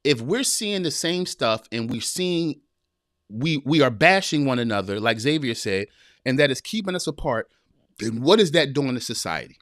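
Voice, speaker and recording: A man hosting a live podcast, talking straight to his viewers and reading their chat, animated and preachy, repeating his phrases. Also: mid-range voice, moderate pace, no echo, studio quality. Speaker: podcast host.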